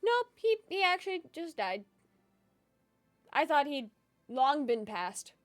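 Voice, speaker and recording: A woman's voice: high voice, sing-song, takes it slowly, soft background music. A young woman streaming a game, chatting casually with viewers, laughing often and swearing freely. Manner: bubbly, giggly, swears casually, reads on-screen text aloud. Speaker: gaming streamer. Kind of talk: casual live-stream chat and gameplay.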